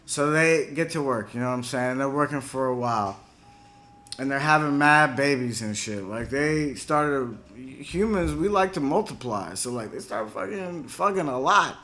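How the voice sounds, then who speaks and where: A man's voice: mid-range voice, normal speed, fairly bright tone. Slangy, swearing man retelling a myth. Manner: slangy, casual, swearing constantly, acts out gods as dudes. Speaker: storyteller host. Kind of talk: profane comic retelling of a myth.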